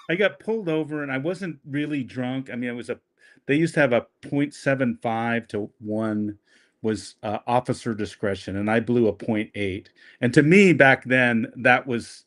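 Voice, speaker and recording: A man appearing as a podcast guest, speaking in a halting, wry and jokey way in casual conversation. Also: mid-range voice.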